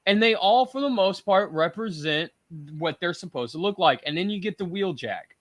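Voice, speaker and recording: A man's voice: sits high, expressive, normal speed, dry recording. A man hosting a casual panel chat, talking in emphatic, rambling rants. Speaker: podcast host.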